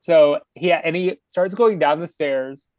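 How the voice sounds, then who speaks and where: A woman's voice: low-pitched, a little slow, no room sound. A young woman co-hosting a podcast, chatting casually as she recaps an episode and acts out the lines. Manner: animated retelling, acting out lines. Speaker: podcast co-host.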